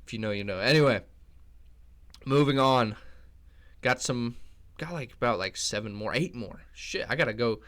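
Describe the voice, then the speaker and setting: A man's voice: mid-range voice, moderate pace, pauses often, fairly bright tone. A young man hosting a channel and rambling through casual commentary, with lots of swearing and restarts. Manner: rambling, profane, many restarts. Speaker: channel host.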